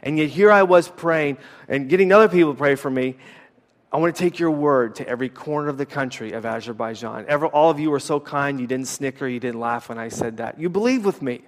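A man's voice: mid-range voice, brisk. An American man, a former missionary, preaching a sermon with a personal story, talking casually with many fillers and restarts. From United States. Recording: long reverb of a hall.

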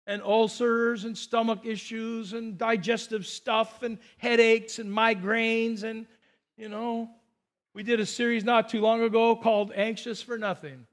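A man preaching a sermon, telling stories with quoted dialogue and swinging between excited bursts and hushed, quiet lines. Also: very high voice, unhurried. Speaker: pastor.

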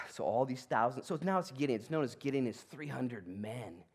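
A man's voice: medium pitch, lively intonation, fairly quick, darkish tone, breathy edge. A man pastor preaching a sermon, telling the story with energy and acting out the people in it.

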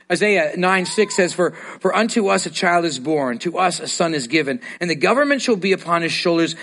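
A man's voice: on the high side, a bit bright. A man preaching a sermon to a congregation, earnest and given to repeating words as he starts a thought. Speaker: pastor.

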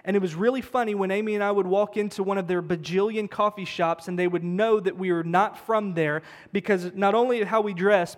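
A man's voice: sits high, steady tone, a little fast, few pauses. A man preaching a sermon as pastor, emphatic and conversational, repeating words for stress. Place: church sanctuary. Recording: long church-hall reverb.

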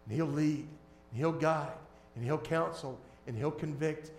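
A man preaching as a pastor, shifting between hushed, tender lines and loud, emphatic ones. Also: on the high side, a little slow, roomy sound, slight background noise. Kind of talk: sermon.

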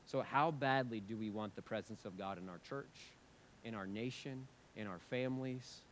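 A man's voice: on the low side, normal speed, slight background noise. Earnest man preaching a sermon. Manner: earnest, building to loud emphatic passages then dropping to soft prayer. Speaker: pastor. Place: church sanctuary with congregation.

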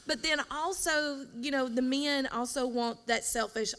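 A woman co-hosts a podcast and gives animated, emphatic marriage advice, often laughing. Her voice is bright and a little high, with plenty of gravelly fry. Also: a little slow. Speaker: podcast co-host, pastor's wife. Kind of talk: casual marriage advice chat.

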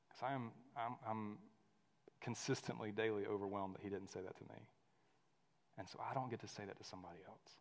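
A man in his thirties preaching a sermon, telling a story in a lively way that drops to a hush and rises to loud. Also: mid-range voice, normal speed, long pauses. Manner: storytelling, animated swings from hushed to loud. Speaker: pastor. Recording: long hall reverb.

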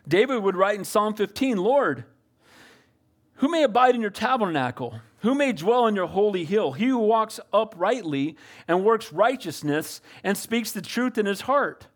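A middle-aged male pastor preaching a sermon, calling for amens and moving between loud exhortation and quiet reflection. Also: very high-pitched, animated, moderate pace. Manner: preachy, calls for amens, shifts from loud to soft.

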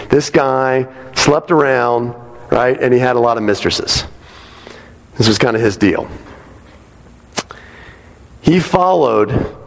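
A male pastor preaches in an easy, conversational manner, checking in with his listeners as he goes. His mid-pitched voice has a gravelly edge. It carries a long reverb from the church sanctuary. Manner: conversational, asks the congregation "right?". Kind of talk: sermon. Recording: long reverb of a large hall.

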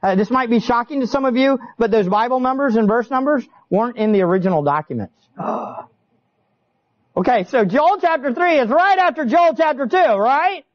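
A man preaching a sermon, chatty and animated, often turning to ask his listeners questions. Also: very high-pitched, a little fast, hardly any pauses, lo-fi sound. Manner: animated, conversational, asks the audience questions. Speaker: pastor. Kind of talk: expository sermon.

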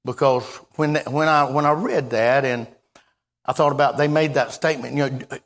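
A preacher delivers a folksy sermon in a mid-range male voice. He stumbles and repeats himself, then rises into sudden loud, emphatic bursts. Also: medium pitch, normal speed, husky.

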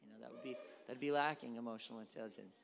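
A man preaching a sermon in a church, telling the story in an animated way and asking the congregation questions. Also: medium pitch, rapid-fire, gravelly. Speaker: pastor. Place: church hall. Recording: long hall reverb.

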